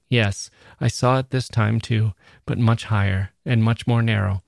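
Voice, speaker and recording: A man, a podcast host, giving a measured and expressive first-person reading of a literary short story. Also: fairly low pitch, gravelly, no room sound, studio quality.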